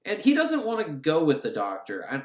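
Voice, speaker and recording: Man, comic film recap, crude and sarcastic, animated pitch, echoey. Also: moderate pace. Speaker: film reviewer. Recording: roomy echo.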